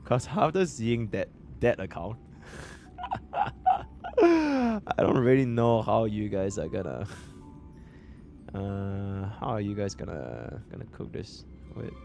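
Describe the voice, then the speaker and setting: A man from Singapore with a Singaporean English accent, streaming a game account review in an excitable, profane way that swings between loud bursts and muttering. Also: fairly low pitch, slow pace, vocal fry, soft background music.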